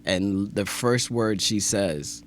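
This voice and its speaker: A man's voice: on the low side, slow. A man co-hosting a podcast in casual chat, joking, cursing freely and laughing often. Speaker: podcast co-host.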